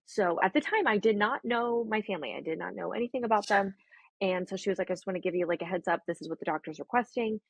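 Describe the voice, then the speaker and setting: A woman in her thirties tells a personal story as a podcast guest, bouncing between her own words and quoted dialogue, with frequent laughs. Her voice has a slightly husky edge, and the recording is dry and close with no room sound. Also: medium pitch, quick pace, no echo. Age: 30s. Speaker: guest, egg donor. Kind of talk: casual storytelling in a podcast interview.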